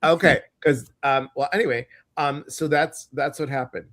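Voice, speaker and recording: A man co-hosting a casual live-stream show, talking in a chatty, animated storytelling way. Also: fairly high pitch, normal speed. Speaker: co-host of a live intuitive show.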